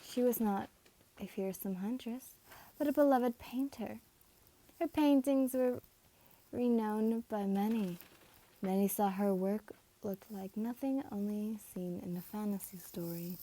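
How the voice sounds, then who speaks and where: A woman's voice: medium pitch, measured pace, warm tone. A woman reading a fan story aloud in a casual way, stumbling and correcting herself as she goes. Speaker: reader.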